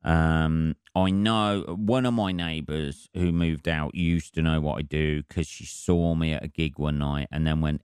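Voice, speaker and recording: A low-pitched man with a smooth, clean voice hosts his comedy podcast. He rambles wryly, swearing constantly. The sound is dry and close. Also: fairly even intonation, measured pace, a little mellow, no room sound.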